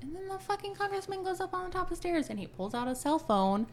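A woman's voice: very high-pitched, very animated, quick pace, a little hiss or hum. A woman co-hosting a podcast, animatedly retelling a book chapter in casual chat, swearing freely. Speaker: podcast co-host.

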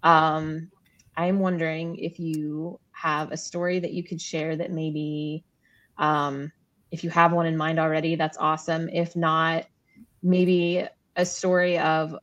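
A woman's voice: low voice, level tone, unhurried, a bit bright, lo-fi sound. A woman hosting a podcast, giving short encouraging replies and asking her guest for a story. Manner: brief encouraging backchannels. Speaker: podcast host. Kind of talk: casual interview.

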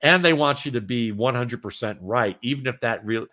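A man's voice: mid-range voice, brisk, sharp tone. A talkative man chatting as a podcast guest, rambling with many restarts. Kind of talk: casual podcast conversation.

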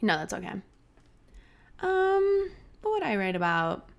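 A woman's voice: mid-range voice, very animated, measured pace, vocal fry. A young woman co-hosting a podcast, chatting casually and explaining things with many "like"s. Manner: chatty, heavy use of "like". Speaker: podcast co-host. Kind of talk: casual chat.

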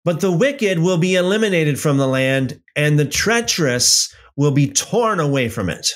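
A man's voice: a little high, big pitch swings. A man leading an evening Bible study, reading scripture aloud and adding conversational comments with frequent restarts. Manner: slow, deliberate reading with conversational asides and restarts.

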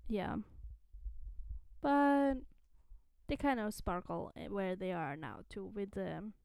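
A woman's voice: mid-range voice, animated, takes it slowly, creaky, a little mellow, smooth, dry recording. A woman co-hosting a podcast, chatting casually about comics and paraphrasing characters in acted-out quotes. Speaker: podcast co-host.

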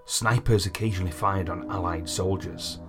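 Low-voiced man reading history. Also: fairly even intonation, moderate pace, over music. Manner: reads long passages, then chats with fillers like "like" and "you know". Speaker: podcast host. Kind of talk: reading history notes between casual chat.

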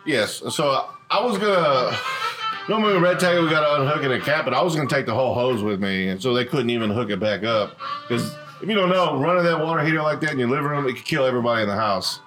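A man's voice: medium pitch, lively intonation, fast talker, music in the background. A man who works as a gas technician, telling work stories in casual chat, exasperated and profane.

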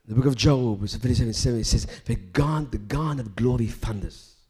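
A man delivers a live sermon at a moderate pace in a medium-pitched, breathy voice. He swings between loud, emphatic declarations and hushed near-whispers, using repetitive, rhythmic phrasing.

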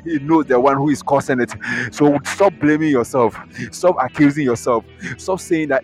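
A man with a Ghanaian English accent preaching a lively sermon in church, acting out the voices of troubled believers. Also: on the high side, moderate pace, faint music behind. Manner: dramatic, acts out inner voices and congregants. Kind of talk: animated sermon.

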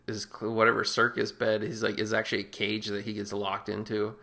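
Man, podcast co-host, gravelly, low, crude rambling film chat. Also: completely flat delivery, fairly quick, bright, forceful tone. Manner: rambling, crude, self-correcting. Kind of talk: casual film-review chat.

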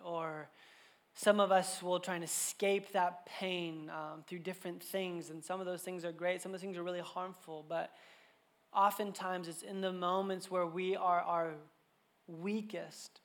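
A man in his thirties preaching a sermon to a church congregation, telling family stories in a casual, animated way full of fillers. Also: high voice, unhurried. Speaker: pastor.

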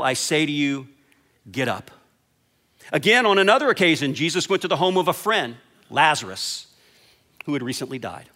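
A man preaching a sermon, retelling stories and dropping to a quiet hush on the key lines. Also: a little high. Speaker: pastor.

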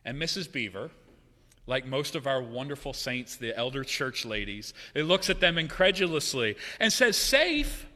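A man's voice: medium pitch, animated, moderate pace. Preaching man in an echoing hall. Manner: conversational, joking, dramatic swings from loud to hushed. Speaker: pastor. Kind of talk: sermon.

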